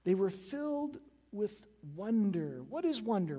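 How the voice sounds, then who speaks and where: High-voiced male pastor in echoing hall. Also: very animated, measured pace, warm tone. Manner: casual, frequently adds tag questions like "right?". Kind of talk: conversational sermon. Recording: long reverb of a large hall.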